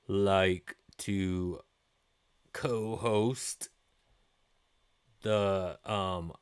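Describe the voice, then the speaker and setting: A man's voice: on the low side, clean tone. A man in his forties hosting a gaming live stream, chatting with viewers in a rambling, laid-back way and swearing freely.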